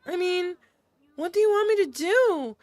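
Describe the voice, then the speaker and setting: A woman voicing a clingy, playful young female soldier in a visual novel, with a pushy, bright tone. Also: animated, a little slow, dry recording. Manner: pushy, playful and high-pitched.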